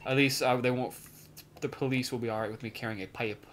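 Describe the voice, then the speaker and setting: Guy gaming and yelling at a horror game, swears a lot, jokey. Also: medium pitch, quick pace, soft background music. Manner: excitable, swears, jokey put-on accent at times. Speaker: let's play gamer. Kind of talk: casual gameplay commentary.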